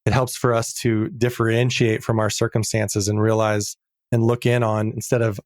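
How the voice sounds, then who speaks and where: A middle-aged man talking as a podcast guest in a casual interview, earnest and reflective, slowing down to stress key words. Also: on the low side, fairly even intonation, no room sound, studio quality.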